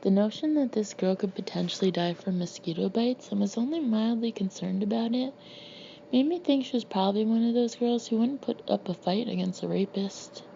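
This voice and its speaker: A woman narrates her own memoir in a dry, sardonic, deadpan voice. Her tone is warm and low-key. The recording is slightly muffled, with a faint hiss behind her. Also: fairly quick, gravelly. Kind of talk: audiobook narration.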